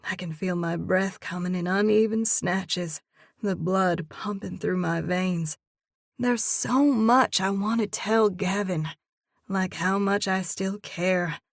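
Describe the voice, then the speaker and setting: A woman's voice: mid-range voice, slow, gravelly, no echo, studio quality. A woman narrating a first-person romance audiobook expressively, voicing the heroine's own lines as she goes. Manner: expressive, reads in character as heroine.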